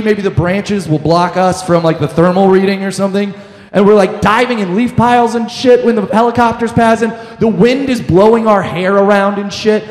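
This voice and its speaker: A young man telling a profane comic story on stage, animated and breaking into shouted quotes. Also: sits high. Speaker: comedian. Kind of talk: live stand-up storytelling. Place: lounge stage with live audience. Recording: echoey room with long reverb.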